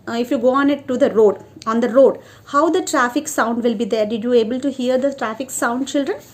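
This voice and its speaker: Woman, high voice, sing-song primary-school teacher on an online class. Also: a little mellow. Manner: sing-song, keeps asking "isn't it, children?". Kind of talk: online class lesson for children.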